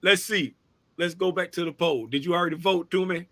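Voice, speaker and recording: A man hosts a casual livestream, chatty and repetitive, drawling along. His voice sits high and bright. The sound is close and dry. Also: a little fast, dry recording. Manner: chatty, repetitive, drawling, sing-song asides. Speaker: livestream host.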